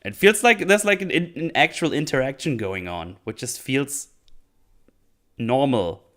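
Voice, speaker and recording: A man hosting his own show, casually retelling scenes with filler words and quick quoted lines. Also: mid-range voice, expressive, fairly bright tone. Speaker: podcast host recapping a series. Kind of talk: casual chat.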